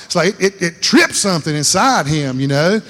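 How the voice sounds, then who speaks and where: Man preaching, slightly high voice, rambling folksy sermon, long hall reverb. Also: expressive, moderate pace, a bit bright. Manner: rambling, repeats words, laughs at himself, acts out voices in stories.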